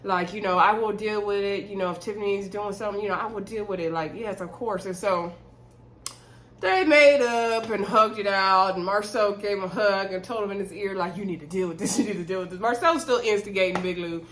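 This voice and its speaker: A woman's voice: medium pitch, moderate pace, fairly bright tone, poor audio. A woman casually recapping a reality TV episode to camera, retelling the scenes and acting out the cast's lines while talking to her viewers as "y'all".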